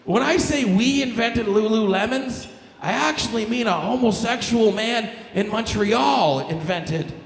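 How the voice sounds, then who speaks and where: A Canadian man doing a crude, loud stand-up set, his voice a bit hoarse. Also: high-pitched, expressive, measured pace. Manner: brash, crude, loud punchlines. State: slightly hoarse. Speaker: stand-up comedian. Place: comedy stage in a club. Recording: echoey club room with long reverb.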